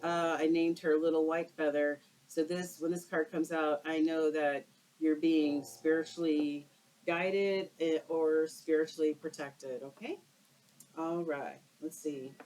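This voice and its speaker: A woman's voice: deep voice, steady tone, measured pace, a little mellow, slight background noise, low-quality recording. A woman doing a casual tarot card reading for her viewers, exclaiming and using slang as she turns the cards. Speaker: tarot reader.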